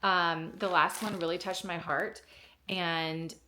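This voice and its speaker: Woman vlogger, lower voice, gushing and emotional during a casual unboxing, faint noise behind her. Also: takes it slowly. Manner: excited and emotional, gushing, near tears.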